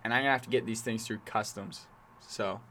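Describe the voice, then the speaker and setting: His voice is fairly low, steady, a little fast, and pushed and bright. In casual chat as a podcast co-host, this young man tells crude, rambling stories, swearing freely and laughing often.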